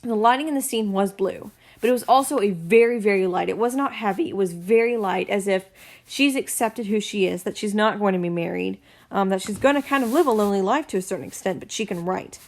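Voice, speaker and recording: A woman talks straight to the camera in a casual solo film review, at a middle pitch for a woman. She is blunt and opinionated, often pausing on "um" and correcting herself mid-sentence. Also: a little mellow. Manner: blunt and opinionated, with frequent ums and self-corrections. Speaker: film reviewer, channel host.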